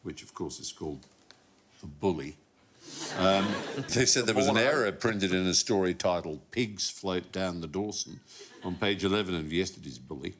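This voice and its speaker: A man's voice: low voice, normal speed, a bit bright. A man hosting a TV panel show, telling comic anecdotes and slipping into mimicked voices. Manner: playful storyteller who slips into mimicked voices. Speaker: quiz show host.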